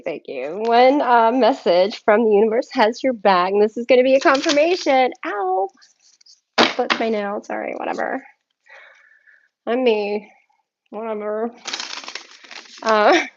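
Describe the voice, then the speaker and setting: A woman reading tarot cards and channeled messages on a solo live stream, excitable and effusive, often thanking spirit. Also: a little high, dull audio, noisy background. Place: home, by herself.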